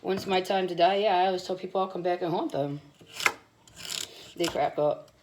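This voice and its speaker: A cooking vlogger talks bluntly and chattily while cooking in her home kitchen, rambling despite being sick with bronchitis. Her voice is on the low side and brisk, with heavy background noise behind it.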